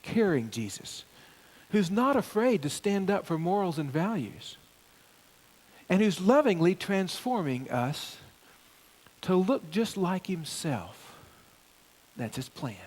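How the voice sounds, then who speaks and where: Slowly and in a voice that sits high, a middle-aged male pastor preaches to his congregation. He steps verse by verse through the text, his animated delivery building emphasis on key phrases.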